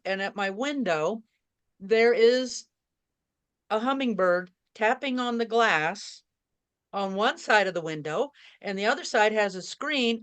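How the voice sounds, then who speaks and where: Smooth-voiced older woman telling her story. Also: mid-range voice. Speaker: guest author. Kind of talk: interview.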